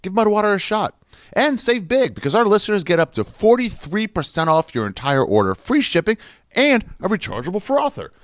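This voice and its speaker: A male podcast host reads an ad, throwing in profane jokes and silly asides. His voice sits fairly high and moves a lot in pitch. The sound is dry and close. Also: sing-song, fairly quick, no echo. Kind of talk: ad read.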